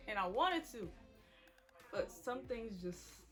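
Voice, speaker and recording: A woman's voice: on the high side, animated, takes it slowly, fairly bright tone. Young woman vlogging a story time, chatty and candid, faint music behind. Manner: candid, chatty, addresses viewers directly. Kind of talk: emotional story time to viewers.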